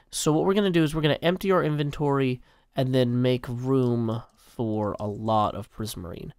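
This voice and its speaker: A man's voice: mid-range voice, clean tone. A man in his forties giving casual, rambling, self-mocking gameplay commentary. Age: 40s. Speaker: game video host.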